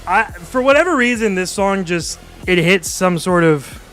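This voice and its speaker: A man's voice: high-pitched, expressive, normal speed. Chatty young man reacting to music live. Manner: chatty, enthusiastic, talks to chat viewers.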